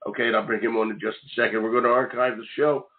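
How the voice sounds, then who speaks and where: A man hosting a talk radio podcast, chatty and a bit rambling. His voice sits at an ordinary middle pitch. It comes through a narrow, phone-like line. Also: fairly even intonation, fast. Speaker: host.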